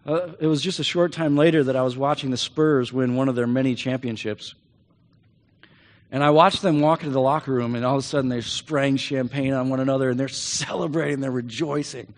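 A man preaching a sermon, telling stories animatedly and slipping into quick put-on voices. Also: medium pitch, steady tone. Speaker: pastor. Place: church. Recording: church hall reverb.

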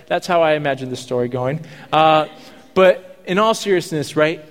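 A man's voice: on the high side, expressive, moderate pace, big-room sound. A man preaching a sermon, reading scripture and adding casual, jokey asides. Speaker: pastor.

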